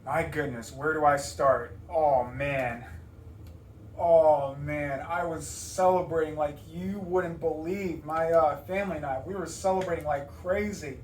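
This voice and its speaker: Casting: young American man, loose rambling interview talk, slightly high voice, roomy room, set back from the mic. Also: fairly even intonation, a little slow, distant mic, a little hiss or hum. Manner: rambling, many fillers and restarts.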